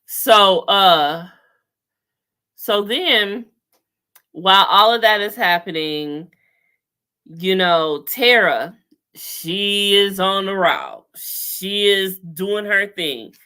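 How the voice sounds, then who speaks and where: A woman hosting a casual chat over a video call, talking in an animated, sassy way with lots of slang and laughter. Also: mid-range voice, extremely slow, smooth. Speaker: podcast host recapping a TV show.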